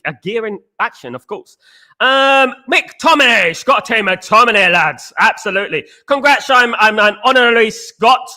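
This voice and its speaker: On his live football chat stream, a young English host speaks in a sharp, high-pitched tone. He's animated, greets the people watching, and tends to repeat phrases.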